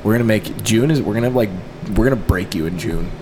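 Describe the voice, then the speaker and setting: A man's voice: fairly low pitch, fast. A man co-hosting a podcast in loose, profane casual chat, laughing often. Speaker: podcast co-host. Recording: noisy recording.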